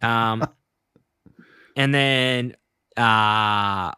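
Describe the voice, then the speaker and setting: A man's voice: medium pitch, steady tone, very slow, pushed and bright, smooth, no echo, studio quality. Rambling male podcast co-host. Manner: rambling retelling of episode plots, many fillers. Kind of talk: casual chat.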